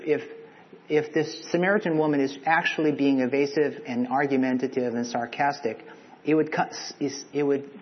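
Male preacher, chatty sermon, long echoey hall, dull lo-fi sound. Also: medium pitch. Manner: conversational, asks the listeners questions.

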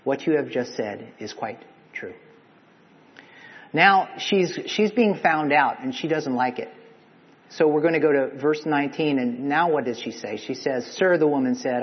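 A man's voice: medium pitch, unhurried. Male preacher, chatty sermon, long echoey hall, dull lo-fi sound. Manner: conversational, asks the listeners questions.

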